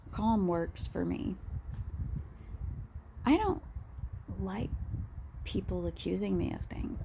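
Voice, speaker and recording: Over a noisy background, a vlogger with a gravelly, fairly low-pitched voice rants bluntly and personally to the camera. She swears freely, breaks off to restart her sentences, and lets out an occasional quiet laugh.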